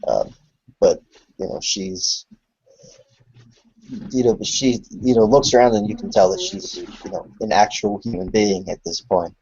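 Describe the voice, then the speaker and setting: A fairly low-voiced man acts as game master for a tabletop horror game, narrating in a halting way full of "uh" and "you know". His voice is husky. It comes through a video call with dull, lo-fi sound. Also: darkish tone. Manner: hesitant, full of filler words. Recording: lo-fi online call audio.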